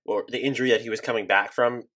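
A man's voice: mid-range voice, steady tone, fast, a bit bright. A man hosting a casual sports podcast, thinking aloud in a conversational way and restarting his sentences. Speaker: podcast host.

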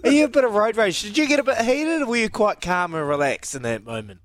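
A man's voice: high voice, lively intonation, fast talker. A man with a New Zealand accent hosting a breakfast radio show, upbeat and teasing in casual chat. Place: radio studio.

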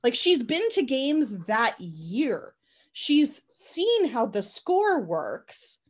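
A woman co-hosting a casual film review chat, sarcastic and animated, acting out scenes in mocking voices. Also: high-pitched, drawn-out words. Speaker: podcast co-host reviewing a film.

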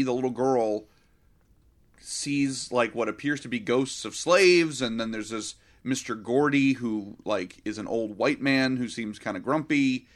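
Chatty man critiquing a film. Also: medium pitch. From Florida. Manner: animated, critical, lots of filler words. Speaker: film podcast co-host. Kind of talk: casual film review chat.

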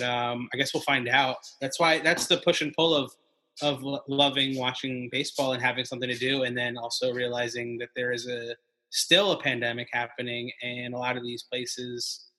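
A man, a comedian appearing as a podcast guest, speaks with a bright, forward tone. He talks in a halting way, full of restarts and filler words, as he chats casually. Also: mid-range voice.

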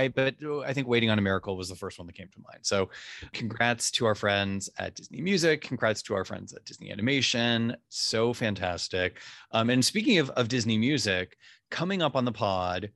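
A podcast co-host chats enthusiastically and casually, packing his speech with fillers like "like." His mid-range voice moves a little fast with a fairly bright tone, in clean studio sound with no room noise.

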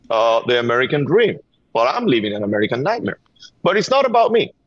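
A man's voice: mid-range voice, very animated, a little fast, no echo. A middle-aged man from Venezuela with a Venezuelan Spanish accent, speaking earnestly and urgently as a guest, often repeating words as he presses a point. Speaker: guest, gun violence activist. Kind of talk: call-in interview. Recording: dull, dry remote line.

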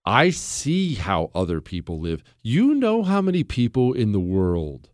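Sarcastic talk-radio host, lively pitch. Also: male voice, measured pace, no room sound, clean studio sound. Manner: sarcastic, jokey, swings from loud mock outrage to low earnest tones. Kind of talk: conservative talk radio monologue. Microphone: studio microphone.

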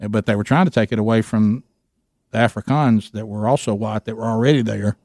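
A man telling an animated story with lots of restarts, chatting casually as co-host. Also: fairly low pitch, brisk, dry recording, clean studio sound. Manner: animated storyteller, many restarts, imitates others.

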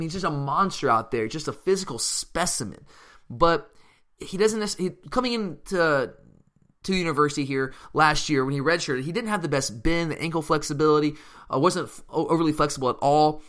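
A man's voice: a little high, bright, forceful tone. A man hosting a sports podcast, answering listener questions in a casual, emphatic way and often restarting his sentences. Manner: emphatic and fired up, with frequent restarts. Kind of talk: casual fan Q&A commentary.

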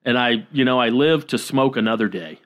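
A man co-hosting a podcast, telling a story in a relaxed way with many pauses and self-deprecating laughs. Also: mid-range voice, highs cut off. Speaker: podcast co-host. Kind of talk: casual chat.

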